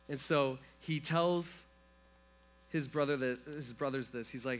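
A man's voice: a little high, normal speed, fairly bright tone. A man preaching a sermon in a casual, storytelling way, full of fillers and acted-out quotes. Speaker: pastor.

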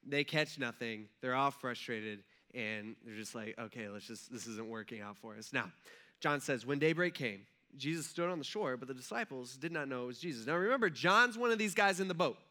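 A man's voice: mid-range voice, animated, moderate pace, sharp tone. A male pastor preaching a casual sermon to his congregation, telling the story with acted-out asides and questions to the crowd.

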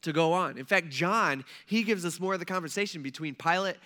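A man preaching a sermon in a conversational, animated way, acting out the people he tells about. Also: sits high, fairly quick. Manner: conversational, animated, acts out quotes. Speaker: pastor.

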